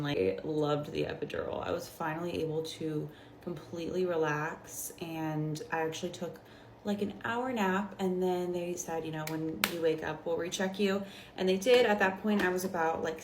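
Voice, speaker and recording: Chatty young woman in a roomy space. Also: lowish voice. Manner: chatty, filler-heavy, animated retelling. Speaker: vlogger. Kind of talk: casual storytime while doing makeup. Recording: roomy with faint background noise.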